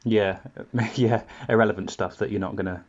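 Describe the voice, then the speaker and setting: A man's voice: lowish voice, fairly even intonation, moderate pace, muffled recording. A man on a podcast, telling rambling stories full of laughs and acted-out quotes, in casual chat.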